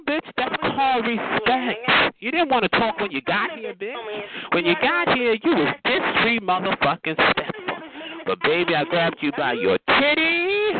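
A man trash-talking over a phone chat line in a sassy, taunting manner. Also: high voice. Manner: sassy, taunting, repeats "bitch" and "honey". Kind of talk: aggressive phone trash talk. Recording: tinny phone line with loud hiss.

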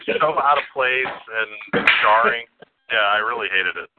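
A man's voice: medium pitch, unhurried, heavy background noise. A man co-hosting a podcast, talking casually about films and often repeating words while he searches for them. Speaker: podcast co-host. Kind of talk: casual film chat. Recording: tinny phone-like sound.

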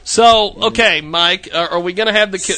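A man hosting a casual talk show, telling a story in an animated way, acting out quotes and laughing often. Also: sits high, normal speed. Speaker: podcast host.

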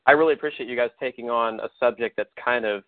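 A man's voice: mid-range voice, quick pace, dry recording. American male host, friendly and meandering, on a dry phone-line recording. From United States. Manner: friendly, rambling. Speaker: podcast host. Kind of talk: casual interview.

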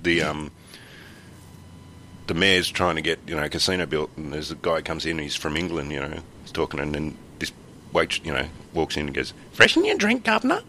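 A man's voice: rumbling low, little pitch movement, moderate pace, pushed and bright, a little hiss or hum. An Australian man co-hosting a podcast, chatting casually and bluntly and laughing easily. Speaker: podcast co-host. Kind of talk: casual chat.

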